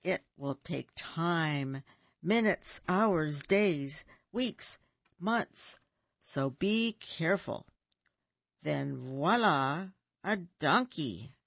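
Woman doing a sly fast-talking fox. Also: expressive, a bit bright, no room sound, dull audio, exaggerated voice. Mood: salesy. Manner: smooth-talking, pushy sales pitch.

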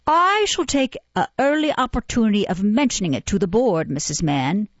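Woman reading as a pompous beadle, slow and oratorical, self-important, dull dry sound. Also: medium pitch, big pitch swings, dry recording. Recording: dull, muffled, dry recording.

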